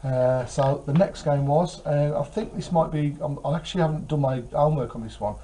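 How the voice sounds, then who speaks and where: A man's voice: fairly high pitch, a little fast, mellow, slight background noise, poor audio. Tired, chatty man. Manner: chatty, rambling, with many fillers. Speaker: retro game collector vlogger. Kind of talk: casual chat.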